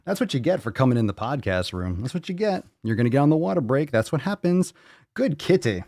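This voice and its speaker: A man hosting a podcast, joking and swearing loudly with a very lively, bouncing delivery. The sound is dry and close to the mic, with no room echo. His speaking pitch sits in the middle for a man. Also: moderate pace. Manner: loud, profane, joking, talks baby-talk to his cat. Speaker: podcast host. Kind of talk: casual livestream podcast chat.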